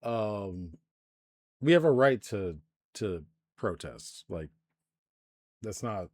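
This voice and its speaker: A man's voice: lowish voice, lively intonation, slow, no room sound, clean studio sound. A man hosting a live stream, ranting in profane commentary with lots of restarts and filler. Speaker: streamer host.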